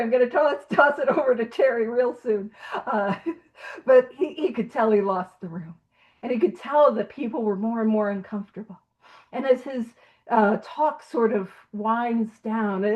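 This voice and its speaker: A woman leading a recovery study meeting, telling a story in a casual, animated way and laughing often. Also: a little high, normal speed, muffled recording. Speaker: meeting leader.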